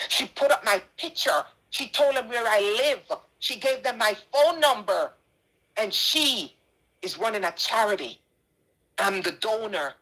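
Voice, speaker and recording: A woman's voice: on the high side, lively intonation, measured pace, a bit bright, rough recording. A middle-aged Jamaican woman making an impassioned personal statement, indignant and emphatic, repeating her points. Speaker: charity donor responding to a dispute.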